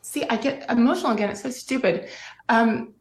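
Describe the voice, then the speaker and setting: A middle-aged woman giving a candid, halting interview about her own experience. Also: on the high side, a little mellow, reverberant. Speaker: interview guest. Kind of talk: emotional interview recollection.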